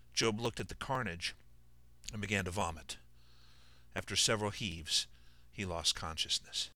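A man, the author, reading his own historical novel aloud in a measured, plain way on a close mic. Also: sits low, bright, forceful tone, no echo. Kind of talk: audiobook narration.

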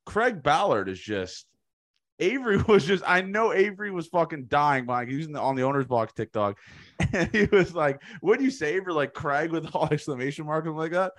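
Hoarse, animated podcast host. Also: male voice, fairly high pitch, fairly quick. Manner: excitable, laughing, profane ranting. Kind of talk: casual chat.

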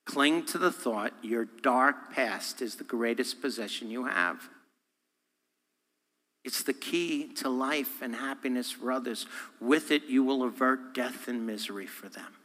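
A man's voice: medium pitch, unhurried. Man preaching in a reverberant church. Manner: animated, acts out voices and quotes; humorous, self-deprecating. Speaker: guest speaker. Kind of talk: sermon. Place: church sanctuary. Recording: long hall reverb.

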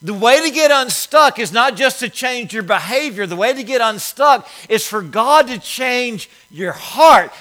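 A male pastor, preaching a sermon emphatically, swinging from loud exhortation to quiet asides. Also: high-pitched, rough recording.

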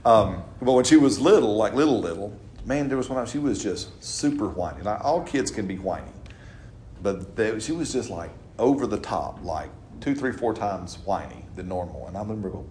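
A middle-aged man with a fairly low voice teaches his congregation in a loose, conversational style, chuckling often and checking in with "right?". His voice carries a roomy echo, as if in a church hall. There is a faint hum of noise under it. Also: expressive, brisk, a little mellow. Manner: chatty, laughing, keeps asking "right?". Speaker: pastor leading a Bible study. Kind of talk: informal teaching with congregation replies.

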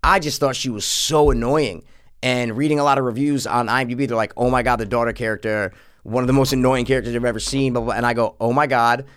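A man co-hosting a podcast, talking casually and profanely about a movie, often jumping up in pitch to mock what characters say. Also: fast, clear, resonant tone. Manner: animated, profane, mocking voices in quotes. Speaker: podcast co-host. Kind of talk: casual movie review chat.

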